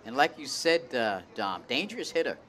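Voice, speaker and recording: A man's voice: medium pitch, sing-song, fairly bright tone. A man giving baseball color commentary at an outdoor stadium, folksy and conversational. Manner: folksy, conversational, quick to react.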